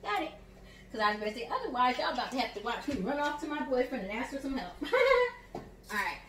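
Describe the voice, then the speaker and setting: Fast and lively in intonation, her fairly high, fairly bright voice carries from a distance through an echoey kitchen with slight background noise. She's a Southern-accented home chef giving a friendly, encouraging cooking demonstration at home, calling her audience y'all and honey.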